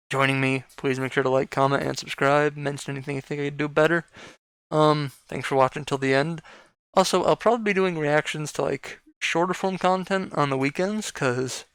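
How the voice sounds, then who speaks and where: A man's voice: a little high, fairly bright tone, smooth, no room sound. A tired man, a gaming YouTuber, rambling and tongue-tied through a casual video outro full of fillers. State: tired after work.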